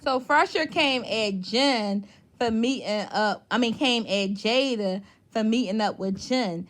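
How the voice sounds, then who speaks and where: A woman's voice: a little high, unhurried. Woman recap host; blunt, cussing, exasperated. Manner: blunt, profane, exasperated ranting. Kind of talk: casual recap commentary.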